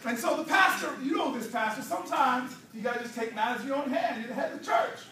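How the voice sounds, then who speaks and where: High-voiced man giving a rousing church speech. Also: fast, very noisy. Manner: preacherly, playful, call and response with crowd. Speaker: political speaker. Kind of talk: rousing speech with humorous storytelling. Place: church hall, indoors. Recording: echoey hall, distant mic, crowd.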